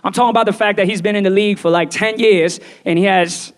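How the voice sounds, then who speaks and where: A man doing live stand-up comedy for a small audience, playful and animated, often slipping into quoted voices. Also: high voice, fast talker.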